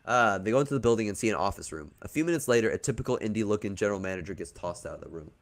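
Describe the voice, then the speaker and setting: A man's voice: lowish voice, lively intonation, rapid-fire. A man hosting a podcast, casually walking through a storyline he has written, joking and crude at times. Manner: laid-back, joking, crude. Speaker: podcast host pitching a wrestling storyline.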